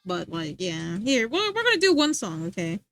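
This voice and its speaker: A woman's voice: mid-range voice, wildly swooping pitch, normal speed, fairly bright tone, soft background music. A young woman streaming live, chatting casually with her viewers, giggling and rambling as she reads the chat.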